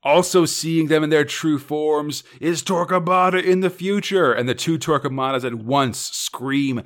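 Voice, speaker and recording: A man's voice: fairly high pitch, unhurried. A man co-hosting a podcast, recapping comic stories in a casual way with playful asides. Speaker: podcast co-host.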